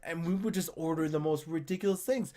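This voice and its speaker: A man's voice: a little high, fairly quick, a little hiss or hum. A young man from Canada telling a rambling drinking story in casual chat, swearing and acting out what he said. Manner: animated, swearing, telling a drunk story with voiced quotes. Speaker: podcast co-host.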